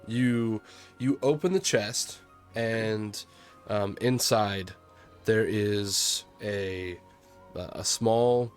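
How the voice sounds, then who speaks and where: Casting: lowish-voiced male game master, halting narration, soft music underneath. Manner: halting, many ums and restarts.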